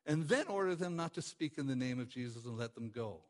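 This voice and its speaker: A man preaching a sermon with passion, repeating phrases for emphasis and swinging between loud exclamations and quiet stress. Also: medium pitch, animated, brisk. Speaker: pastor.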